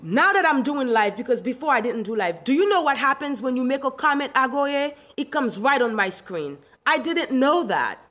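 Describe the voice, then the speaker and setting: Middle-aged Haitian woman, fairly high voice, emphatic and indignant, laughs easily; livestream host. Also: animated, normal speed, few pauses, a bit bright. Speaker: live stream host. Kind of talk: livestream rant reading chat.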